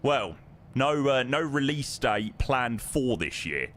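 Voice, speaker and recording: A British man streams himself flying a simulated airliner, chatting easily with his viewers. His pitch moves around a lot as he talks. He reads chat messages aloud and calls out weather and approach figures. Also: very animated, slow pace, fairly bright tone. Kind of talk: casual live-stream chat over flight sim.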